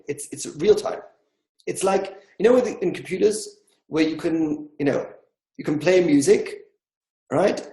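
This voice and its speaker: A man's voice: high-pitched, creaky, mellow, echoey room, poor audio. A man teaching a discussion class, explaining with everyday examples and acting out inner dialogue.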